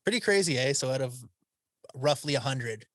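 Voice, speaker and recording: A man's voice: mid-range voice, lively intonation, normal speed, a bit bright, no room sound. A man hosting a podcast, asking eager, upbeat questions in a casual interview. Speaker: podcast host.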